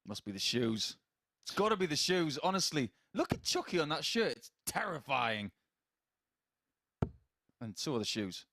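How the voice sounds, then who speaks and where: A male former player commentates on darts in a chatty, playful way. His voice is slightly high for a man and swoops through a wide, animated range. The sound is dry and close, as a commentary box would give it. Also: normal speed, long pauses, dry recording. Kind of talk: live sports commentary.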